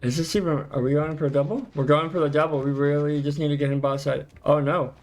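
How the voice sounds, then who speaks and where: A man casting a live video game match as play-by-play commentary, chatty and quick to exclaim, often correcting himself mid-sentence. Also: on the high side, fairly even intonation, darkish tone. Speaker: esports caster.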